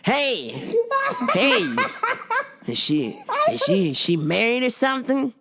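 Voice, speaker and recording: A woman voicing a loud, pushy male customer who keeps calling out hey over and over. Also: high-pitched, wildly swooping pitch, takes it slowly, very noisy, exaggerated voice. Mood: nosy. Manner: insistent, repeats hey over and over.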